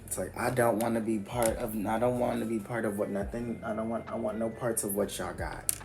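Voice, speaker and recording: A man's voice: on the low side, steady tone, fairly quick, vocal fry, noisy background. A man chatting candidly through a makeup tutorial, rambling and swearing freely. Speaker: makeup vlogger. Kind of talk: casual chat during a makeup tutorial. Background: music.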